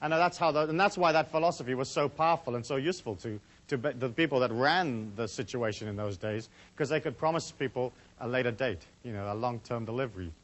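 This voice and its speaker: A man's voice: medium pitch, fast, hardly any pauses, a bit bright. A man giving a casual lecture to a live audience, rambling and chatty with many asides. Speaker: seminar speaker.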